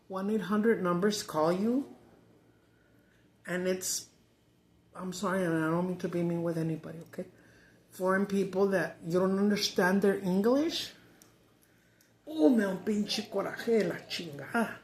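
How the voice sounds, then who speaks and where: A woman's voice: on the low side, unhurried, long pauses, darkish tone. A middle-aged woman chatting casually while eating, cussing in frustration and mixing Spanish with English. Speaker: mukbang vlogger. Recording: roomy echo.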